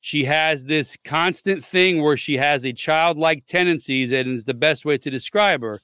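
A man's voice: on the high side, moderate pace, sharp tone, smooth, no room sound. A man hosting a podcast, reading a forum post aloud in casual chat, blunt and swearing, stumbling over the text. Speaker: podcast host.

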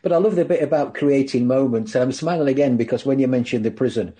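A man's voice: medium pitch, quick pace, warm tone. A man hosting a radio talk show, chatty and upbeat as he talks with his guest.

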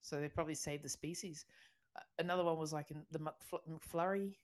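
An Australian woman with a low voice co-hosts a casual podcast. She tells stories in a chatty way, laughs often, and restarts her sentences as she goes. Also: steady tone, a little fast. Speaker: podcast co-host. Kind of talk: casual chat.

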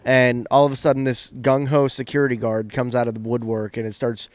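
A man's voice: mid-range voice, little pitch movement, a little fast. A man co-hosting a casual podcast, chatting in a laid-back way and laughing along. He sounds drunk. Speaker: podcast co-host. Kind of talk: casual chat.

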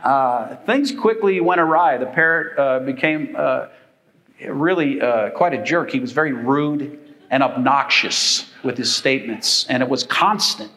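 A man's voice: mid-range voice, measured pace, bright, forceful tone, low-quality recording. Older male pastor, folksy rambling sermon delivery. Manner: folksy, rambling, with frequent fillers.

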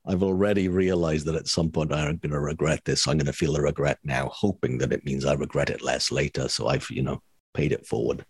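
A man's voice: extremely low pitch, steady tone, a little fast, breathy edge, no room sound, clean studio sound. A man co-hosting a podcast in casual chat, rambling and self-mocking with a wry humor. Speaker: podcast co-host.

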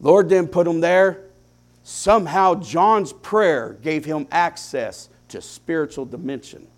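A man delivers a sermon in a high, gravelly voice. He preaches slowly and deliberately, letting phrases stretch out. He swings between hushed, quiet passages and loud, impassioned peaks.

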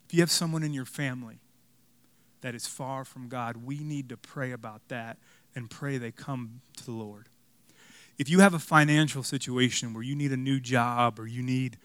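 A young man preaching a sermon, telling a personal story with animated, self-mocking humor before closing with a call to prayer. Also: mid-range voice, clean tone, no room sound. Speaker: pastor.

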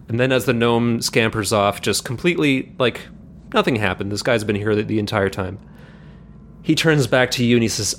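A man narrating a tabletop game as game master, descriptive and halting, with many fillers. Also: medium pitch, expressive, fairly bright tone, slight background noise.

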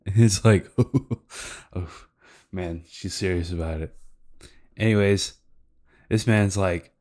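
A man's voice: low voice, a little slow, a little mellow. A man hosting a podcast, recapping cartoon episodes in loose, casual talk with fillers and swearing. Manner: loose, profane, lots of fillers. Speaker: podcast host.

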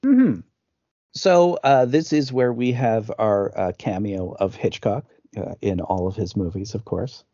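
A man's voice: lowish voice, a little slow, mellow, dry recording. A man co-hosting a podcast, recapping a film in casual talk, rambling with lots of fillers and restarts. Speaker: podcast co-host. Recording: dull lo-fi dry sound.

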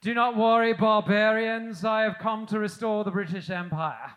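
A man's voice: high voice, normal speed, fairly bright tone, dull audio, pitched above the performer's own voice. A man mimicking a pompous young British imperial soldier, proclaiming grandly. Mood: grandiose.

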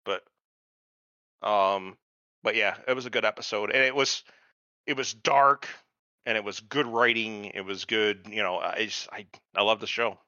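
A man's voice: lowish voice, steady tone, normal speed, pushed and bright, dry recording, dull audio. A man co-hosting a podcast, chatting crudely and animatedly about a TV episode and acting out characters' lines. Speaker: podcast co-host. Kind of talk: crude casual chat reviewing a TV episode.

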